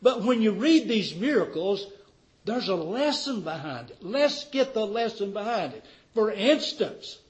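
A man with a notably high voice delivers a fervent sermon. He presses his listeners with rhetorical questions, rising loud on key points and falling soft at the ends of phrases. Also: big pitch swings, measured pace, low-quality recording. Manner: fervent, rhetorical questions, wide swings in loudness. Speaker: preacher.

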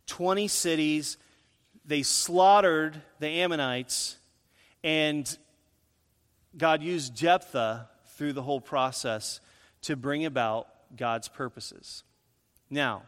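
A male pastor preaching a sermon in an animated way, his voice rising on points of emphasis, in a church sanctuary. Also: mid-range voice, big-room sound.

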